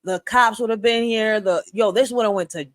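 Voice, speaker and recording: Woman live-stream host, emphatic and blunt, fairly high voice, dry close sound. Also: normal speed, dry recording. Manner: emphatic, blunt, rising to loud outbursts. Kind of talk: passionate live-stream commentary.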